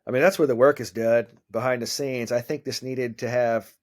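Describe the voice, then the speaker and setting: A man in his forties, a mental skills coach, talking casually in an interview, animated and swearing freely as he acts out what people said. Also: medium pitch, moderate pace.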